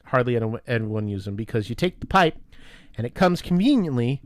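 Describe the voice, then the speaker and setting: A male podcast co-host tells a profane workplace story to his friends, animated and acting out the dialogue in casual fashion. His medium-pitched voice moves briskly, and the studio sound is clean with no echo.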